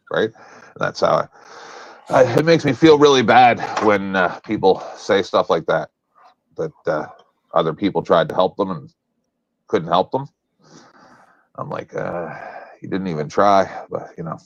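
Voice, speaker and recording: A man's voice: sits low, moderate pace, vocal fry, pauses often, husky, dry recording, dull audio. A man on a stream panel, telling stories in an earnest, chatty way. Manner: earnest, storytelling. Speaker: panel guest. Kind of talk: casual panel chat.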